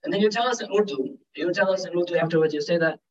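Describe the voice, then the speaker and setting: A man's voice: high-pitched, racing, a little hiss or hum. A young man giving an informal religious lecture, conversational and joking, dropping in Urdu and Arabic phrases. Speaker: Islamic teacher giving a talk. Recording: dull distant recording.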